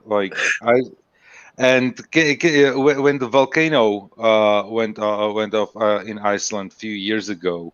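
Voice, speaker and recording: A man's voice: fairly low pitch, fairly even intonation, measured pace, clear, resonant tone, dry recording, dull audio. A man chatting on a stream, hesitant and searching for words, with many restarts. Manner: hesitant, lots of restarts and fillers. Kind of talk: casual chat.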